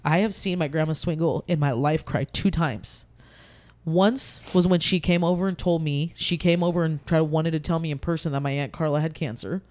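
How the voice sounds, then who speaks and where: A woman's voice: sits low, moderate pace, darkish tone. A woman speaking as a podcast guest, talking candidly and heartfelt about grief, rambling with frequent restarts.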